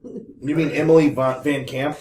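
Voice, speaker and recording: A man's voice: fairly high pitch, steady tone, moderate pace, a little mellow, a little hiss or hum. A man playing in a tabletop game, casually steering the discussion on a podcast. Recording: echoey room.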